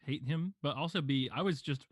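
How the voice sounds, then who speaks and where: A man's voice: a little high, a little fast, dry recording. A man co-hosting a podcast, talking expressively and indignantly about a TV villain. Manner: expressive, indignant, laughs often. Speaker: podcast co-host. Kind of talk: casual chat.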